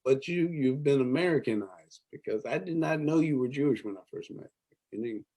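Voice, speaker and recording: Guest comic dude, husky voice, teasing and goofing around. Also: male voice, medium pitch, lively intonation, a little fast, dark tone. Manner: playful, teasing, laughs often. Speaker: guest comedian. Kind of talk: casual comedy chat.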